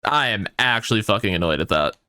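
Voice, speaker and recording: A man commenting on his own football video game dynasty, excitable and swearing often as his mood swings between hype and outrage. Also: lowish voice, fast talker, clear, resonant tone, dry recording, studio quality. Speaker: gaming YouTuber. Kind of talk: let's play commentary.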